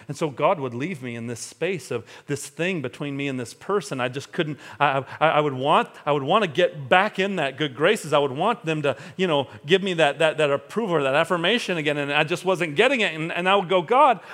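An earnest male pastor preaching a sermon in a slightly higher-than-usual voice. He moves between quiet, confessional passages and bursts of fervent emphasis. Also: fairly quick, hardly any pauses.

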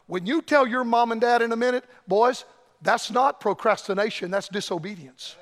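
Fiery high-voiced revival preacher in a hall. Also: male voice, normal speed. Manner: fiery preaching, swings between shouting and low murmurs. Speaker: evangelist. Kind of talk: revival sermon. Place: church sanctuary. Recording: reverberant church hall.

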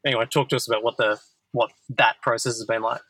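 A man in his thirties hosts a relaxed podcast chat in a bright, forceful, medium-pitched voice, talking fast. He rambles through his thoughts and leans heavily on the filler "like," all in a close, dry recording of poor audio quality.

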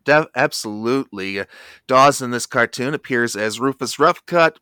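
Bright-voiced man in casual podcast chat. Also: medium pitch, normal speed, clean tone, dry recording, clean studio sound. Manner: informative, lists facts and credits. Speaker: podcast co-host.

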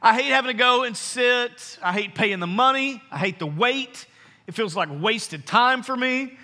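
A man preaching a sermon to his congregation, earnest and emphatic, slowing down to stress key phrases. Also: very high-pitched, expressive, pushed and bright. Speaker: pastor. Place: church sanctuary. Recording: long hall reverb.

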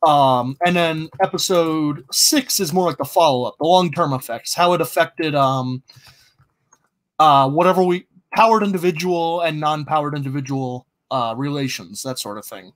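A man with a somewhat high voice talks through ideas in a relaxed co-hosting chat. He hesitates often, filling pauses with ums and starting sentences over. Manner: hesitant, many ums and restarts. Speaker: co-host planning a fiction podcast. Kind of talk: casual brainstorming chat.

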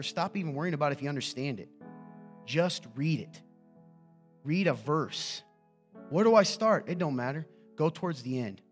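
A man preaching a conversational sermon as a pastor, joking and often asking his listeners "right?". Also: mid-range voice.

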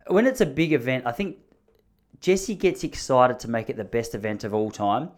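A man's voice: mid-range voice, moderate pace. A man in his thirties telling rambling, joking stories in a casual monologue, often mocking himself.

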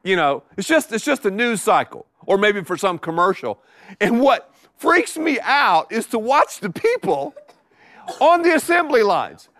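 A middle-aged pastor preaches a sermon live before a congregation in a high, lively voice that swings up and down, pacing himself slowly and deliberately. His delivery is animated, and he repeats key words for emphasis. The sound is dry and close, with no echo.

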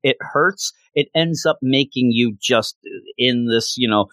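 A man's voice: mid-range voice, measured pace, fairly bright tone, no echo, natural voice. A man retelling the lines of a frustrated female defense lawyer, scolding and exasperated.

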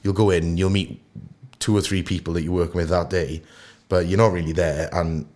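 A man with a Welsh accent and a very low voice chats as a podcast guest. He tells his stories with animation, acting out the bits as he goes. He sounds like someone in his thirties. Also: a little fast. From Wales. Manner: animated storyteller who acts out anecdotes. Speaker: actor guest. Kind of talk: casual podcast interview.

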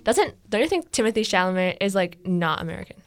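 A young woman in easygoing podcast chat, telling stories with plenty of laughter. Her voice sits at a middle pitch for a woman, neither high nor low. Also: sing-song, fast talker. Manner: chatty storyteller, laughs often. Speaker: podcast co-host. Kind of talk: casual chat among friends.

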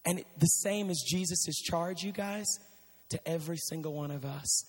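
A man preaching a sermon to a young audience, animated and emphatic, often speaking straight to the crowd. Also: fairly high pitch, moderate pace. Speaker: youth preacher. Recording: reverberant hall with faint music.

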